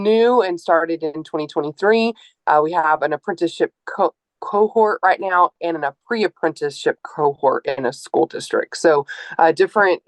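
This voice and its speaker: A woman in her forties, an author and educator, talking candidly and earnestly to a live audience, often pausing on um and uh. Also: deep voice, no room sound. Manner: earnest, open, with frequent um and uh. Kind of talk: candid personal talk at a book event.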